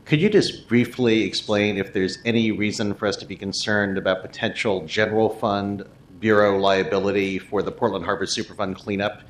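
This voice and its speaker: A man's voice: on the low side, steady tone, moderate pace, hardly any pauses. A man speaking as a city council member at a formal meeting, working through budget figures aloud with frequent restarts.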